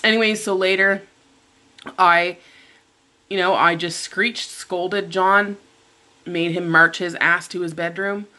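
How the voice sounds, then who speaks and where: Middle-aged woman, storytime vlogger, lowish pitch, sharp tone, animated. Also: slow, long pauses. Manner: animated retelling, acting out her own quoted lines. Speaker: mukbang vlogger. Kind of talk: storytime chat over breakfast.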